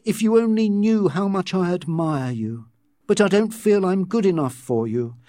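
A man's voice: high-pitched, animated, normal speed, mellow, no room sound, clean studio sound, voice pushed up. A man voicing an intense, idealistic young man, earnest and impassioned, in a read-aloud story.

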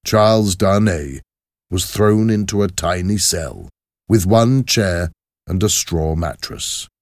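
A man narrating a classic story aloud with a measured, expressive reading. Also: deep voice, no room sound, clean studio sound.

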